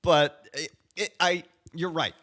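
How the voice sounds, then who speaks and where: A man co-hosting a podcast in casual chat, explaining his views in a measured way. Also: on the high side, steady tone, bright, forceful tone. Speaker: podcast co-host.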